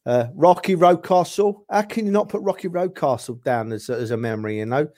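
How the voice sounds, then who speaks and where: A man's voice: a little high, animated, fairly quick, darkish tone. A man in casual chat, reminiscing about favourite players, rambling with chuckles and restarts. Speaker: podcast guest, football fan.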